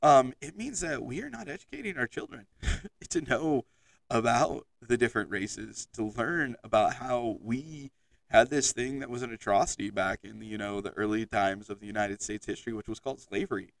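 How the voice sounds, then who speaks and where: A man's voice: medium pitch, normal speed, creaky, dry recording, recorded from a distance, low-quality recording. A man hosting his own podcast in a casual monologue, chatty and full of ums, speaking into a headset mic. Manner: chatty, many ums and restarts. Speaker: podcast host and teacher. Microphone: headset microphone.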